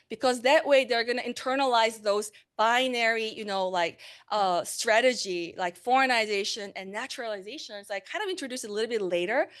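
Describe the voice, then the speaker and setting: Woman, language teacher giving a conference talk, slightly high voice, chatty with lots of ums and restarts. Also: a little fast. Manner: conversational, with fillers and self-corrections. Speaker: Korean language instructor. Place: conference room.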